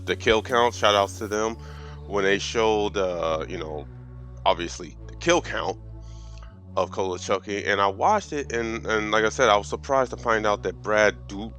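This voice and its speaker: A man's voice: lowish voice, expressive, moderate pace, fairly bright tone, faint music behind. A man in his thirties giving a profane, sarcastic movie review as a casual rant, with stumbling restarts. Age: 30s.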